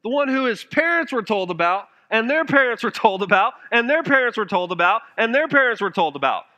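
A man preaching a sermon with passion, now and then dropping his voice to a hush for emphasis. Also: big pitch swings, fairly quick. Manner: impassioned preaching, dropping to hushed low phrases for emphasis. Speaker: pastor.

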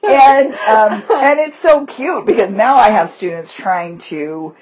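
A woman's voice: on the high side, slow pace, husky, dull audio. A woman teacher co-hosting a podcast, chatting casually and animatedly about her classroom. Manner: animated storyteller, breaks into voices. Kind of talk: casual chat.

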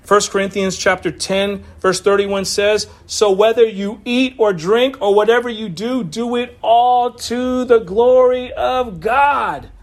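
A man's voice: high voice, measured pace, few pauses. A man preaching a sermon in a loose, conversational way, with asides and laughs, over a video call. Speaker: pastor.

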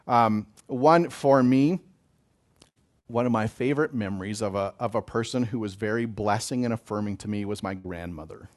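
Gentle man giving a pastoral blessing. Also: on the low side, normal speed. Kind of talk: reflective spiritual talk.

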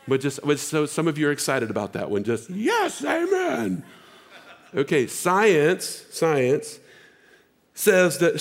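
Delivering a sermon, this male pastor, whose voice sits a little high, alternates offhand remarks to his congregation with loud exhortation.

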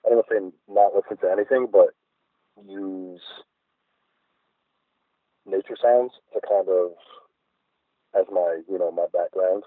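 A man's voice: lowish voice, no room sound. A middle-aged man, a guest artist, chatting in a reflective, rambling way with many fillers. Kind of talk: casual interview chat. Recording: phone-like dry line.

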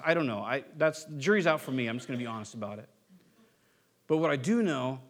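A man preaches a sermon in a voice pitched a little above the usual male range. He acts out the people he quotes. His delivery swings between loud, pressing outbursts and quiet, hushed asides. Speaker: pastor.

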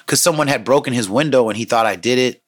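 A man hosting a podcast, telling street stories in a casual, profane, animated way and acting out quotes. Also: mid-range voice, quick pace. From San Francisco Bay Area. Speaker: podcast host. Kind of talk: casual storytelling monologue.

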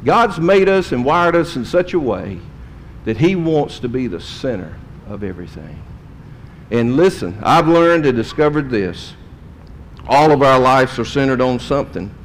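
Folksy preacher in a reverberant hall. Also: male voice, animated, unhurried. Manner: folksy preaching, swings from loud storytelling to quiet gravity. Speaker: pastor. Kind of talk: sermon. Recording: long hall reverb, faint rumble.

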